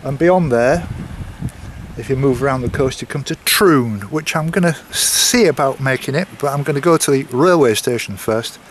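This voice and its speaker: A man talks his viewers through a coastal walk in a loose, rambling way, trailing off into asides and small apologies. His voice sits in a middle register, and faint outdoor ambience hangs quietly behind him. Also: medium pitch, moderate pace, a little hiss or hum. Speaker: walking vlogger. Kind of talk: casual walking vlog to camera.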